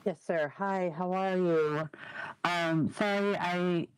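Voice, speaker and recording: A man's voice: sits high, steady tone, slow, clean tone, dry recording, poor audio. A man joining a meeting remotely from his office, giving a polite, friendly brief update. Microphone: remote call.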